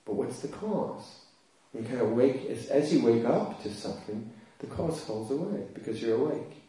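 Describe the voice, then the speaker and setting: A man's voice: mid-range voice, normal speed, mellow. A man, a Buddhist monk, giving a dharma talk as a humorous, self-deprecating story with frequent laughter. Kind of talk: dharma talk with personal anecdote. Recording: echoey hall, voice from far off.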